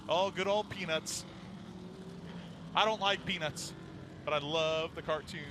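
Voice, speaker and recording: A man calling a stock car race live, joking and laughing between laps and quickening with the action. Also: a little high, noisy background. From New York. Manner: jokey, laughs often, excitable on the action. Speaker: play-by-play announcer. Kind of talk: live racing commentary.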